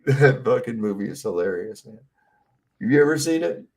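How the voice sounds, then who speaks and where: A man's voice: mid-range voice, expressive, normal speed. A man chatting casually on a livestream, swearing freely, laughing often and acting out movie scenes.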